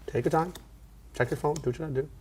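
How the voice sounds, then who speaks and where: In a casual tutorial, a man walks through a card magic routine, speaking easily with lots of fillers and false starts. His voice is a little high and breathy, and he talks at a racing pace.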